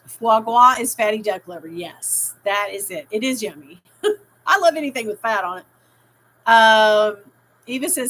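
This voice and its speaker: A woman's voice: fairly high pitch, a little slow, fairly bright tone, rough recording. A middle-aged woman hosting a casual live stream, rambling and reading out viewers' chat comments with easy laughter. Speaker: livestream host.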